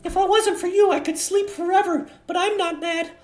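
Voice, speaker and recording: A man voicing a cheerful, clumsy teenage girl in a high, sing-song falsetto. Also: steady tone, normal speed, soft background music. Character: bubbly cheerful teen girl, clumsy, sweet.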